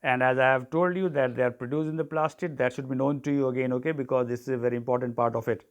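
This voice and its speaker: A teacher giving a tutorial, dictating notes, spelling terms letter by letter, often saying "okay". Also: male voice, medium pitch, fairly even intonation, fast. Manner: repeats "okay" and "so", clears throat often. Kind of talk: classroom tutorial.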